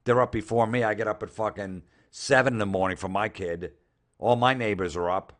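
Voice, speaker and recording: Brisk and a bit bright, a man with a lowish voice rants his way through social media posts as a comedian host. His commentary is sarcastic, disbelieving, and full of swearing.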